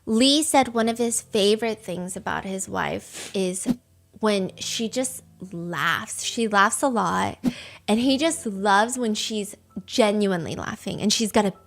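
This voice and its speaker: A woman podcast host, recapping a dating show in casual chat, talking fast and lively and acting out quotes. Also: medium pitch, gravelly. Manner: fast, animated, acts out quotes.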